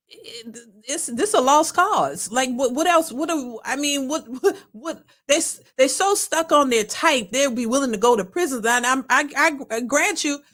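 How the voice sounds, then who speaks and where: A woman hosts a reaction video with casual, colloquial, animated commentary, often repeating herself. Her pitch is fairly high.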